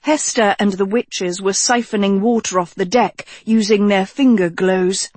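A woman narrating a storybook in a measured, expressive way. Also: mid-range voice, no room sound. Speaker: audiobook narrator.

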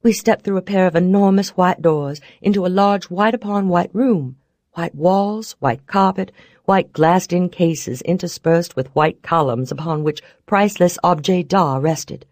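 A woman narrating a first-person story in a wry, expressive way. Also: on the low side, measured pace, no room sound, studio quality. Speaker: audiobook narrator.

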